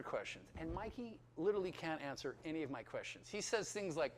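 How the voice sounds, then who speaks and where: A man in his fifties giving a personal testimony to a crowd. His voice sits high and swings widely in pitch. He tells the story in an animated, chatty way and keeps checking in with his listeners. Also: a little fast, few pauses, slight background noise. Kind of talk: lively storytelling testimony to an audience.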